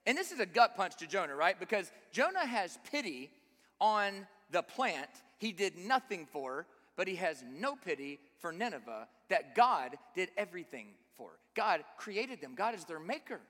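A man gives an emphatic sermon full of rhetorical questions aimed at his audience, his high, slightly bright voice moving in a sing-song way at a moderate pace. The sound carries the long reverb of a large hall.

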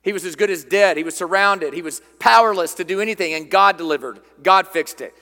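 Male pastor, emphatic sermon delivery with repetition, bright edge, long reverb from the sanctuary. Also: high voice, brisk. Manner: emphatic preaching, repeats key phrases, reads scripture aloud.

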